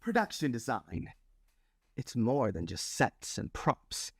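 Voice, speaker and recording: Man, award presenter, deadpan jokes, gravelly, slow, dry recording. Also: medium pitch, no echo. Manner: deadpan, self-mocking jokes.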